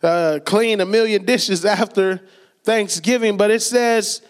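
High-voiced preacher telling stories. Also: male voice, fairly even intonation, unhurried, clean tone. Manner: conversational storytelling with laughs and acted quotes. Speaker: pastor. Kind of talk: sermon.

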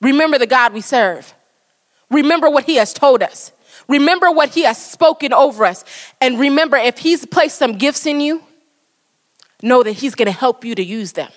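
A woman's voice: sits high, lively intonation, normal speed, in a large hall. A woman preaching a sermon with fervent, repetitive exhortation.

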